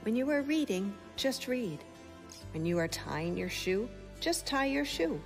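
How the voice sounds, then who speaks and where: Slow, calm woman guiding mindfulness. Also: on the high side, gravelly, faint music behind. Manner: gentle, calm, with soft questions. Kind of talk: guided mindfulness for children.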